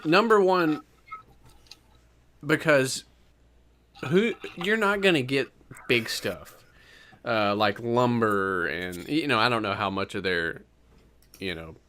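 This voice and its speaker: Lively bright-voiced man chatting. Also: fairly low pitch. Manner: rambling, hedging with fillers. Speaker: podcast co-host. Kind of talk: casual chat.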